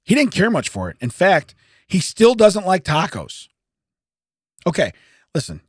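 A man's voice: high-pitched, huge pitch swings, slightly rough, no room sound, studio quality. A man in his forties co-hosting a podcast, reading news items aloud and laughing often as he stumbles over the text. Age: 40s. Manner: laughs often, reads haltingly. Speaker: podcast co-host. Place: podcast studio.

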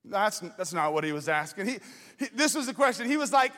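A male student ministry pastor, preaching with animated storytelling that shifts from slow prayer to lively anecdotes. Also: high voice, in a large hall. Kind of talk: sermon with personal storytelling.

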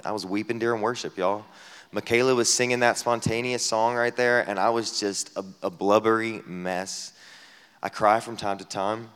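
A man preaching a sermon as a pastor at a camp gathering, talking conversationally with many rhetorical questions, dropping to a hush and then rising loud. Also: on the low side, clear, resonant tone. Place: camp meeting hall. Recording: long hall reverb.

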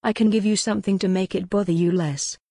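A woman reading the lines of a calm, careful male doctor in a gothic audiobook, soft-spoken and measured. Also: medium pitch, breathy edge, dry recording, clean studio sound. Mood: gentle.

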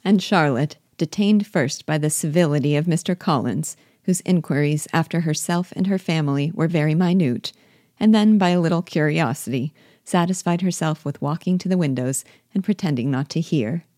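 A woman reading a classic novel aloud, calm and even. Her voice sits low and mellow, and the recording is close and dry. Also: moderate pace, dry recording. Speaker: reader guiding a book. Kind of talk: read-aloud novel narration.

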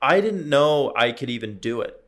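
Animated young man telling stories. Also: medium pitch, moderate pace. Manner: animated storyteller, acts out beeps and quotes. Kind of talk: casual chat.

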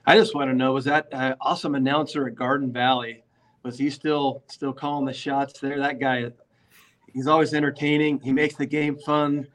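Flat-voiced football coach. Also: male voice, mid-range voice, moderate pace. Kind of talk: casual sports podcast chat.

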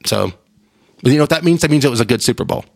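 Guy ranting on his podcast, gravelly voice, keeps tripping over his words. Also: mid-range voice, racing. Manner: rambling, animated, with repeated restarts. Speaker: podcast host. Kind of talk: casual solo podcast chat.

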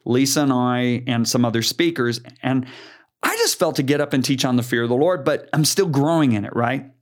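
An older man, a preacher, earnestly telling a story in conversation, animated and emphatic. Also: mid-range voice. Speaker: guest preacher.

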